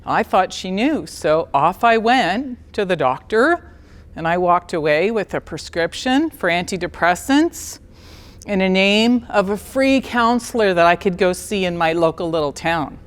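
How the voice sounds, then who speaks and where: A woman in her fifties on a stage, telling her personal story in an animated, blunt and candid way. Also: on the low side, measured pace, big-room sound. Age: 50s. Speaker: speaker at a talk event.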